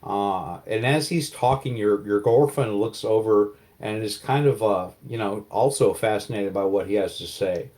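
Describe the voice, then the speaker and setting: A man's voice: lowish voice, moderate pace, hardly any pauses, a little mellow. A man narrating as game master, in vivid, casual storytelling with many fillers.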